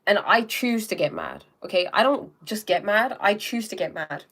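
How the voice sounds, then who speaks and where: A woman's voice: medium pitch, lively intonation, moderate pace, a bit bright. A young woman hosting a live stream, talking casually about self-help and often checking in with "okay?". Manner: chatty, repeats "okay?" and "um", acts out little scenes.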